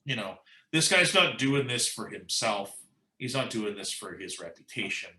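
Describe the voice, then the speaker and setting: Bright-voiced man telling a story. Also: on the low side, normal speed, reverberant, rough recording. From United States. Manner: animated anecdote-telling, quoting others, says "like" and "you know" a lot. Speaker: musician guest. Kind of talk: casual storytelling interview.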